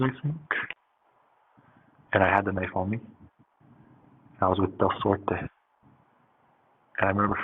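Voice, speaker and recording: A man with a lowish, breathy-edged voice tells a story in a casual, wandering style, using plenty of fillers and swearing. The sound is thin and phone-like, carrying a faint hiss.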